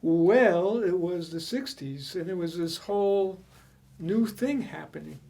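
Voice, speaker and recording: A man in his seventies reminiscing in casual chat, relaxed and measured, chuckling at times. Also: high-pitched, gravelly. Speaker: co-host.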